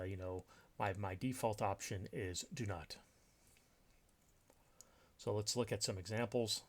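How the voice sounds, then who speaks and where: A man teaching a recorded grammar lesson over slides, explaining step by step with many fillers and restarts. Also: on the low side. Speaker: writing instructor.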